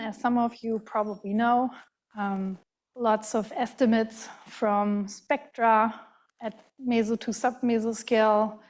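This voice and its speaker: A woman with a German accent gives an academic lecture in a large hall. Her voice sits a little high, and her delivery is careful and halting, full of fillers and restarted words. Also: a little mellow.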